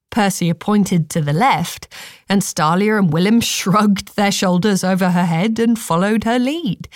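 A woman narrating a storybook in a calm, measured reading voice. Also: mid-range voice, no echo, clean studio sound.

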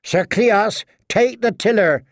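A man's voice: high-pitched, slow pace, dry recording, studio quality, voice pushed up. A man voicing a curt warrior woman. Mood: commanding. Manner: curt, commanding. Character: tall, determined young woman warrior.

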